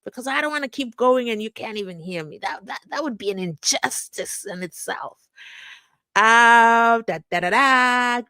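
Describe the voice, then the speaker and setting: A young South African woman with a South African accent, hosting a live stream in a chatty, animated way and acting out the people she quotes. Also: on the high side, normal speed, no echo. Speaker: host. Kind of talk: casual live-stream commentary.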